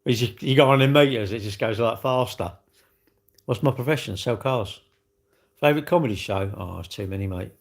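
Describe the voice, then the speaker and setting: A British man talks to his viewers on a livestream in a loose, rambling, animated way, full of slang and asides. His voice sits at an ordinary middle pitch. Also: a little fast. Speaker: livestreamer answering chat. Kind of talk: casual live-stream chat.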